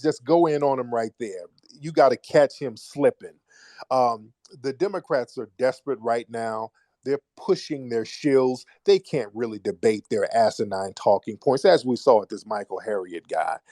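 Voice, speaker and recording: Casting: brash male call-in host, blunt, mocking, mid-pitched voice, dry close sound. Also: moderate pace, warm tone, dry recording. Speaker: show host. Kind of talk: live call-in commentary.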